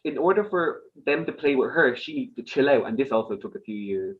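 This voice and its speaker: A man's voice: mid-range voice, a little fast. Laughing Irish man, slightly muffled. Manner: laughs often, rambling and animated. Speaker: podcast guest. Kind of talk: casual chat.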